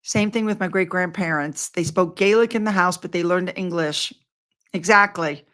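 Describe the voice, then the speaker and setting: A woman's voice: fairly low pitch, moderate pace, fairly bright tone. An older woman chatting casually to her viewers in a rambling, effusive way. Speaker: vlogger.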